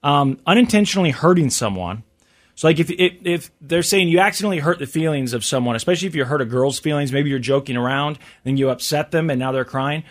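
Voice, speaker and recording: A man's voice: fairly high pitch, fast talker. A man hosting a talk show, reading survey numbers and riffing on them in a chatty, wry way. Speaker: radio show host. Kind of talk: casual talk show banter.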